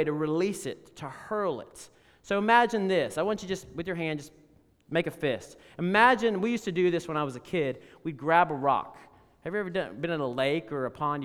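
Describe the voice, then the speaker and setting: Male pastor, higher voice, lively sermon delivery, reverberant sanctuary. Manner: animated, emphatic preaching with rhetorical questions.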